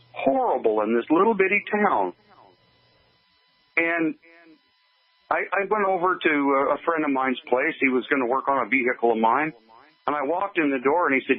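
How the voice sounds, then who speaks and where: An older man from Oregon, a guest in an interview, giving an earnest, halting personal account with many restarts. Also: fairly high pitch. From Oregon, USA. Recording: tinny phone-line call.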